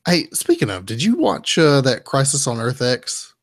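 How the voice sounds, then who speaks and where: A man hosts a casual comic book podcast, walking through the plot in long rambling recaps with plenty of restarts. His voice sits at an ordinary middle pitch. The recording is dry and close, with no room sound. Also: sing-song, normal speed, dry recording. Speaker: podcast host.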